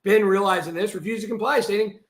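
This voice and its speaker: A man on a live stream, reading a document aloud and breaking into heated, shouted asides. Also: high-pitched, quick pace, roomy sound. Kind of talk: livestream monologue reading out a document.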